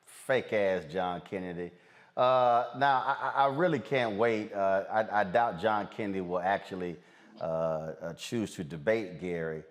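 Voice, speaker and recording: A male host giving casual news commentary with animated, exclaiming asides between clips. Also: low-pitched, measured pace.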